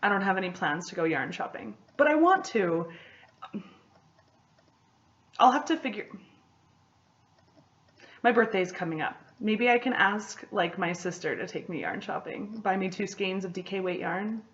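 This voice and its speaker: A young woman hosting a knitting podcast in casual chat, excitable and rambling, often laughing between thoughts. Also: mid-range voice, normal speed, dull audio.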